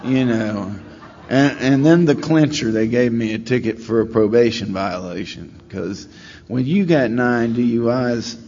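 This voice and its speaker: A middle-aged man at a recovery meeting telling his story in a wry, self-deprecating way, rambling with many pauses. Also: medium pitch, a little mellow. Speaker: speaker sharing at a recovery meeting. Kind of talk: storytelling share. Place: meeting room. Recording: slightly dull recording with faint room noise.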